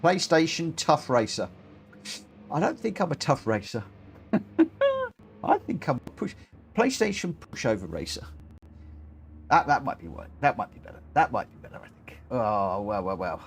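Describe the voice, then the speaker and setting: A man's voice: medium pitch, wildly swooping pitch, moderate pace, pauses often, a little hiss or hum. A man hosting a live racing game stream, talking in a chatty, rambling, self-deprecating way. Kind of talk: casual live-stream commentary.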